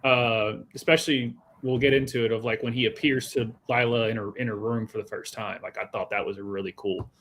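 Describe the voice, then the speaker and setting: A man's voice: medium pitch, steady tone, fairly quick, few pauses, a bit bright, a little hiss or hum. A man co-hosting a book club podcast, talking casually in a rambling, joking way. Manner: rambling, many restarts and fillers, joking. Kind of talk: casual chat.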